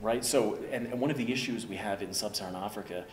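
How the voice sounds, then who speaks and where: A man's voice: lowish voice, fast. An older man, a business professor, explaining ideas in a jovial, self-deprecating conversational way, tagging sentences with "right?". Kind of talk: conversational teaching. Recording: echoey room with music behind.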